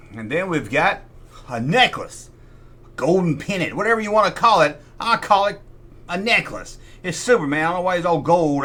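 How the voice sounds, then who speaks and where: A man's voice: fairly high pitch, pushed and bright, slightly rough. A man hosting a collectibles video in casual show-and-tell style, rambling and jokey with self-deprecating asides. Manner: puts on mock voices for quoted people.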